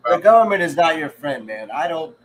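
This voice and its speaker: A man's voice: on the high side, sing-song, brisk, over a noisy crowd, poor audio. A man in casual podcast chat, telling rambling, crude stories with fillers and laughs. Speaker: podcast co-host.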